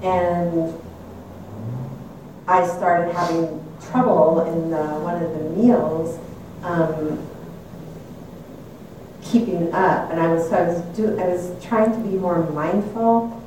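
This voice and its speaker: A woman's voice: lowish voice, steady tone, slow pace, long pauses, background noise. An older woman telling a personal story in a reflective, candid way, often laughing at herself. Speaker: speaker sharing a personal story. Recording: echoey room, mic at a distance.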